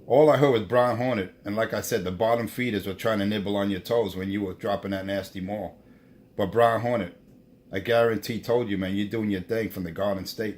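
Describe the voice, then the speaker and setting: Low-voiced man drawling CB radio chatter. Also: darkish tone. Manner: drawn-out, repetitive, ends lines with "man". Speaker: CB radio operator. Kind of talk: on-air CB radio banter.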